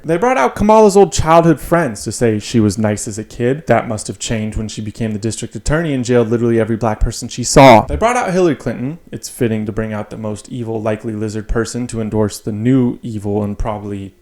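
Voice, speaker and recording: A man hosting a comedy show, delivering a scripted satirical monologue in a deadpan, mocking way. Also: medium pitch, brisk, hardly any pauses, dry recording.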